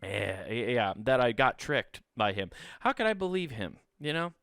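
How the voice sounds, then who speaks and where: A man's voice: mid-range voice, very animated, unhurried, vocal fry, fairly bright tone, clean tone, dry recording, studio quality. A man in his thirties from the US Midwest, hosting a podcast and telling a comedic story, self-mocking and swearing freely. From Sioux City, US Midwest.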